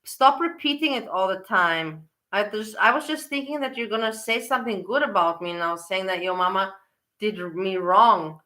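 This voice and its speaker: A woman's voice: medium pitch, normal speed, pushed and bright. A woman commenting on a stream she is watching, talking in an exasperated, scolding way and swearing often. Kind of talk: casual reaction commentary.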